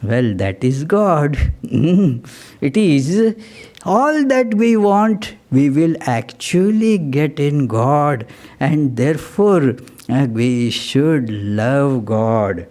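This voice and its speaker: A man giving a spiritual discourse, reflective and halting, with many pauses and fillers as he reads and explains poetry. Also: on the high side, lively intonation, darkish tone. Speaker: monk giving a spiritual talk.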